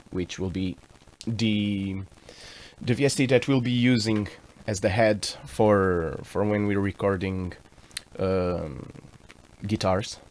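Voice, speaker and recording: A man's voice: low voice, darkish tone. A man composing a song on a livestream, thinking aloud in a rambling way and correcting himself as he explains his steps. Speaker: musician composing a song on stream. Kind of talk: casual thinking-aloud walkthrough.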